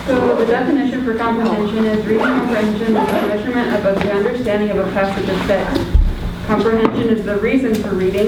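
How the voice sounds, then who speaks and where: A woman presents to a class in a flat, level voice, stepping through prepared points with frequent ums. She is heard from a distance in a very echoey room with clear noise behind. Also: medium pitch. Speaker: education student presenting.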